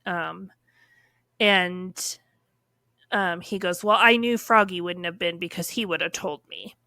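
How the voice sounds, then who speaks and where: A woman telling a personal story on a podcast in a casual, animated way, full of fillers and acted-out quotes. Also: on the low side, unhurried, no echo, clean studio sound.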